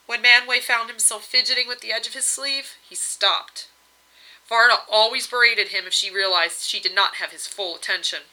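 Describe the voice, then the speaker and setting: A woman narrating a fantasy story aloud in a gentle, measured way. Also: fairly high pitch, steady tone, poor audio. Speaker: reader.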